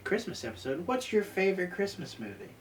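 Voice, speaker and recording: A man's voice: sits high, sing-song, fairly quick. A young man co-hosting a casual podcast, eager and full of questions. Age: young adult. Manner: enthusiastic, asks questions. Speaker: podcast co-host. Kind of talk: casual chat. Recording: distant mic with faint background noise.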